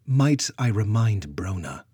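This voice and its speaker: A man's voice: fairly low pitch, big pitch swings, slow, a little mellow, breathy edge, dry recording, studio quality, full character voice. A man voicing a proud, commanding goddess queen who speaks sternly. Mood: regal, stern. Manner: stern, regal.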